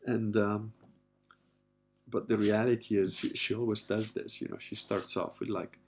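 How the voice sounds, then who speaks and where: Man, 50s, husky and a touch low; candid, rambling podcast monologue with blunt language. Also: flat delivery, moderate pace, soft background music. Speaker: podcast host. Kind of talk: casual personal monologue.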